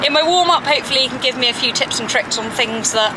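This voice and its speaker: A bubbly, chatty young woman with a high voice talks casually to camera. She giggles through her sentences. Outdoor noise and passing vehicles sit clearly behind her. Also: fast. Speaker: vlogger. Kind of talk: casual vlog chat.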